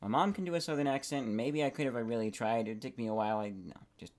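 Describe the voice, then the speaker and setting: A young man rambling and musing aloud while playing a game, often trailing off mid-thought in a soft, casual voice. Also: medium pitch, fast. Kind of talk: casual gaming commentary.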